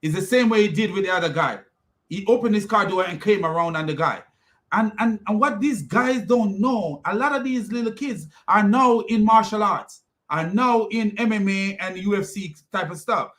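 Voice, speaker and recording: A man's voice: sits high, normal speed, fairly bright tone. A man hosting a commentary video, ranting and mocking as he reacts to clips. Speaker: commentary host.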